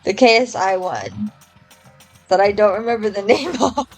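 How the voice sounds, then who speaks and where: A woman's voice: medium pitch, normal speed, darkish tone, faint music behind, low-quality recording. A young woman streamer casually commenting on a game, rambling, swearing freely and trailing off into fillers.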